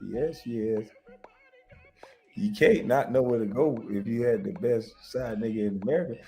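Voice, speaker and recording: A man's voice: mid-range voice, moderate pace, soft background music. A man telling wild stories in a casual chat, laughing often and swearing freely. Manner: loud, laughing, swearing storyteller. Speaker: show host.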